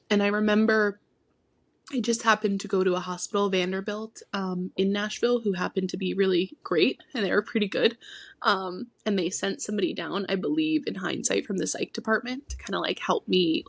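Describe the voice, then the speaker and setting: A woman co-hosting a podcast as a therapist. She tells a personal story frankly and from the heart, with many asides, moving between emphatic bursts and hushed near-whispers. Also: medium pitch, no echo. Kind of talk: candid podcast conversation.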